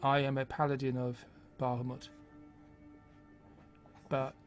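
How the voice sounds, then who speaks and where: Dude doing a confused paladin guy, halting, muddled. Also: medium pitch, completely flat delivery, soft background music, lightly acted. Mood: bewildered. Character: bewildered male paladin warrior.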